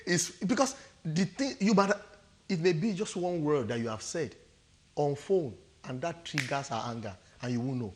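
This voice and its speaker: A man's voice: a little high, lively intonation, normal speed, darkish tone. Nigerian guy in a tv studio, emphatic, swings his voice up and down a lot. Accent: Nigerian English. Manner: emphatic, acts out quotes, laughs often. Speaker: studio guest counsellor. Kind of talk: animated advice talk.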